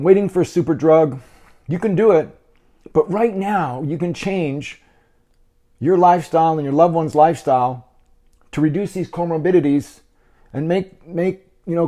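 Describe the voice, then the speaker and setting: A man's mellow, higher-sounding voice carries this casual health video, where he eats and talks to the camera. Chatty and encouraging, he speaks directly to viewers and keeps repeating and restarting words.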